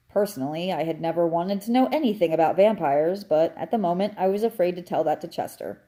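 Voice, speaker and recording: A woman reading a children's novel aloud in an expressive storytelling manner. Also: lowish voice, brisk, few pauses. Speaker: audiobook reader.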